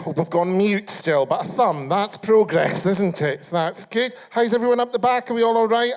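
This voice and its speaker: A Scottish man hosting a live chat show, teasing the audience in a camp, foul-mouthed way. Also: high voice. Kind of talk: live stand-up crowd work. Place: live comedy venue.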